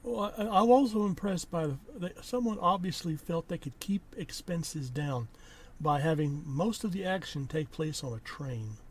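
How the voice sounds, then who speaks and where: A young man chatting on a podcast, adding dry, measured comments and short agreements. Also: on the high side, expressive, darkish tone, breathy edge. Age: young adult. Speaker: podcast co-host, the son. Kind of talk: casual chat.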